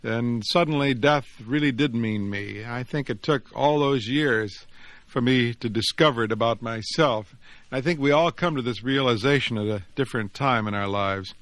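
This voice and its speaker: A man, the author, reading his own story aloud in an expressive, measured storytelling voice. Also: medium pitch, no echo. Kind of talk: dramatic reading of fiction and reflective commentary.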